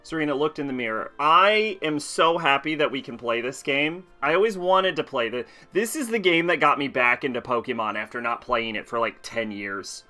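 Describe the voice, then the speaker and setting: A man's voice: medium pitch, normal speed, hardly any pauses, pushed and bright, soft background music. A man casually commenting on a video game stream, chatting with viewers and laughing often.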